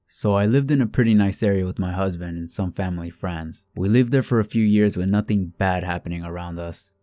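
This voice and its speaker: A man reading submitted true scary stories aloud, with a steady, even delivery. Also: low-pitched, no room sound. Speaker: horror story narrator. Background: soft background music.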